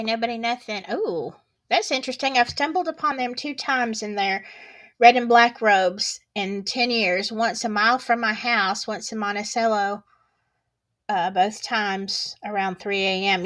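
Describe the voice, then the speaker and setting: A woman with a Southern US accent, hosting a casual solo livestream, chatting in a folksy, drawling way and reading viewer comments aloud. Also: on the high side.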